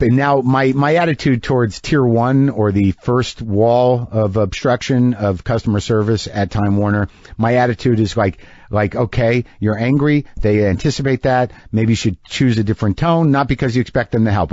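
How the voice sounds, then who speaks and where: A man's voice: on the low side, dry recording, dull audio. Wry, exasperated man ranting dryly. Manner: sardonic, exasperated, wry deadpan storytelling. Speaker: podcast host. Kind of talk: comedic monologue rant.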